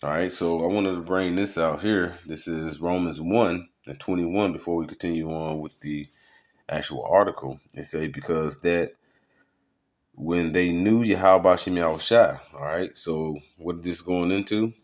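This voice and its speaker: A man's voice: sits low, a little slow. A man teaching in a loose sermon style, rambling through web articles with many fillers. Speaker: preacher.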